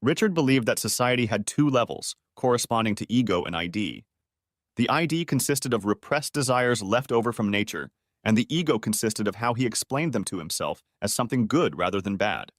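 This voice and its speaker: A man narrates a long story in an even, measured audiobook manner. His voice sits at an ordinary middle pitch. It is recorded close and dry, with no room sound around it. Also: no echo.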